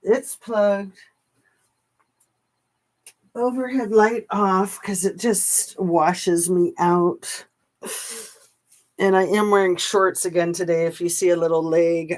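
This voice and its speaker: A woman's voice: fairly low pitch, fairly even intonation, takes it slowly, long pauses, a little mellow. A woman commentator chatting casually to her camera, with scornful asides. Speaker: YouTube commentator.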